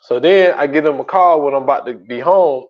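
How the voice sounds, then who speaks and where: A man co-hosting a podcast in casual chat, telling stories in loose, slangy, animated speech. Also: fairly high pitch, a little fast. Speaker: podcast co-host. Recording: dull lo-fi audio.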